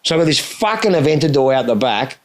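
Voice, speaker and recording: A middle-aged man hosting a podcast, telling stories in a casual, heavily profane and animated way. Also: mid-range voice, fast talker. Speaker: podcast host. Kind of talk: casual chat.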